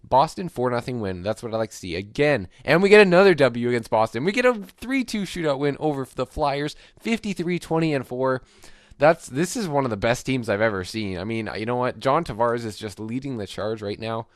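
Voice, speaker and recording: A man's voice: medium pitch, animated, fairly quick, dry recording, clean studio sound. A young man casually commenting as he plays a hockey franchise mode, rambling with lots of fillers and upbeat asides. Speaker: gaming YouTuber.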